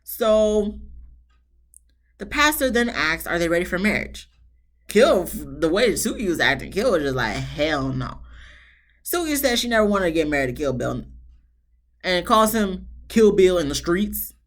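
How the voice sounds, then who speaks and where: A woman recapping a reality show episode in a casual, sassy way, often jumping into high exclamations. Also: measured pace. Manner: animated, sassy, jumps into high mock voices. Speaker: reality TV reviewer.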